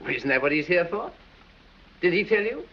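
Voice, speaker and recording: An actor playing a silly, foppish English aristocrat dandy who drawls, giggles and dithers, in 1930s film acting. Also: male voice, high voice, big pitch swings, moderate pace. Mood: wry. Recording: dull old film soundtrack with hiss.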